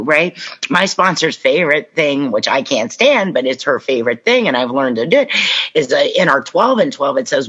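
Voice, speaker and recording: A woman from Kentucky giving a personal recovery talk, telling stories with lively acted-out dialogue. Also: deep voice, normal speed, breathy edge. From Kentucky, USA. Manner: animated storytelling, acts out quoted voices. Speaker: speaker at a recovery convention. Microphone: online talk.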